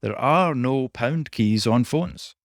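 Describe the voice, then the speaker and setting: A man's voice: mid-range voice, animated, slow, no echo, clean studio sound. A man with a Scottish accent hosting a podcast, chatting casually with wry, self-deprecating humor. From United Kingdom. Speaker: podcast host.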